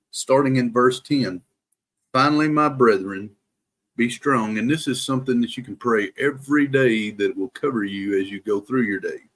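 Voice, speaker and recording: Man, Bible live stream host: slow, careful scripture reading, mid-pitched voice, casual between passages. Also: slightly rough. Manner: slow, deliberate reading, careful to pronounce every word. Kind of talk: reading scripture aloud and chatting with viewers.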